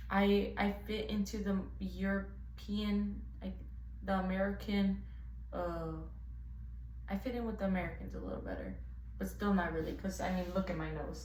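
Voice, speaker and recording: A woman's voice: medium pitch, a little hiss or hum. A young woman with a nasal voice rambling casually to her phone camera in a chatty, tangent-filled rant. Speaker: vlogger.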